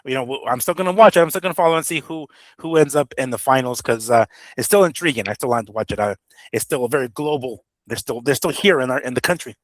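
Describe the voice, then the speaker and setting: A man's voice: medium pitch, lively intonation, fast talker, no echo. Profane, casual man with a dry sound. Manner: loose and profane, lots of fillers. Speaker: boxing show co-host. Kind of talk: casual podcast chat.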